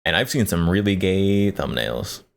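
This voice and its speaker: Male streamer, low voice, slow easy pace, jokey reaction chat. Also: expressive, creaky. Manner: joking, laughs often, talks to chat. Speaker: livestreamer.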